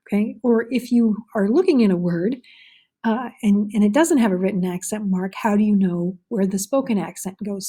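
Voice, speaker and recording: Woman teacher with a mellow, husky voice. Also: a little high. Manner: patient explaining, with fillers. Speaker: Spanish teacher. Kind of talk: recorded online lesson.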